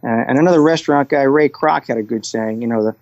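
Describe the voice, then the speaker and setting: A middle-aged man and coach, speaking as a podcast guest and telling stories in a relaxed way. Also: mid-range voice, fast talker, no echo, highs cut off. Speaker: guest, restaurant executive and coach. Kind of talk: conversational interview.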